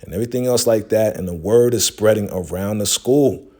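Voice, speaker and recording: A man's voice: on the low side, fairly quick, mellow. Laid-back man recapping a TV episode. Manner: slangy, laid-back retelling with many fillers.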